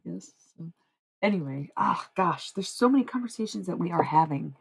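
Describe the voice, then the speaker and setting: A young woman on the low side of pitch speaks animatedly at a moderate pace, her voice creaky and husky, over poor audio. She's livestreaming casual chat, talking loosely to her viewers, wandering from point to point and easily sidetracked.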